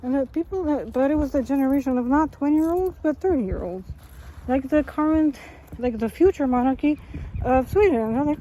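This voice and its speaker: Here a woman with a high, mellow voice talks a little fast to the camera by herself. She wanders from topic to topic, fixes her sentences midway, and fills gaps with fillers and little laughs, all on a rough recording with slight background noise.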